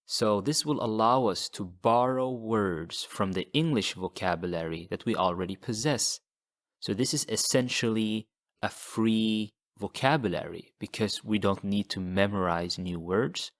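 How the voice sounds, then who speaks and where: Slow, patient male language teacher. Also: lowish voice. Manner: patient, repeats model words slowly for learners. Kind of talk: slow, deliberate language lesson.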